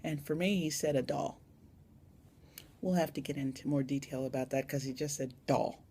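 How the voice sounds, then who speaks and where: A woman's voice: extremely low pitch, fairly even intonation, moderate pace, creaky, warm tone, husky. A young woman chatting casually in a vlog tag, rambling and adding little asides, recorded on a phone camera. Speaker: vlogger.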